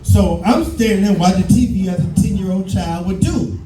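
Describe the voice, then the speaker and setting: A man in his fifties from Detroit, performing a loud, profane stand-up routine on a live stage, often shouting. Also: high-pitched, expressive, moderate pace, echoey room, recorded from a distance, soft background music, low-quality recording. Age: 50s. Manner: loud, profane storytelling, breaks into shouts and laughter. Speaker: stand-up comedian. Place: live show stage with audience.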